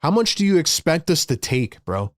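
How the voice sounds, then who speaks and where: A man on a live sports stream rants to his chat in a high, agitated voice, dropping "bro" into nearly every line. The sound is dry and close, with no room around it. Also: big pitch swings, moderate pace, no echo. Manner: frustrated, ranting, says "bro" a lot. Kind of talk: live stream fan rant.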